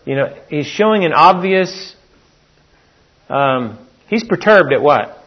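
A man's voice: mid-range voice, normal speed. Folksy male preacher, muffled recording. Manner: folksy storytelling, acts out quotes. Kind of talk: sermon.

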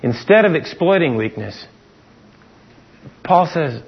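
This middle-aged pastor has a slightly rough mid-range voice and keeps a moderate pace. Preaching conversationally, he asks his listeners rhetorical questions and acts out what people say, captured in a dull, lo-fi sermon recording.

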